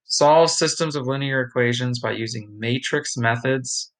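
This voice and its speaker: A man's voice: mid-range voice, normal speed, a bit bright, poor audio. A man thinks aloud, reading course notes and practising a pronunciation in a casual study session. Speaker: online study blogger.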